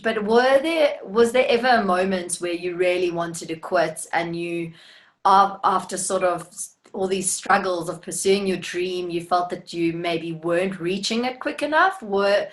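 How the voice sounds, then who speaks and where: A woman hosting an interview, asking long chatty questions full of fillers. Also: lowish voice. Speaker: interviewer, host. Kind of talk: casual interview.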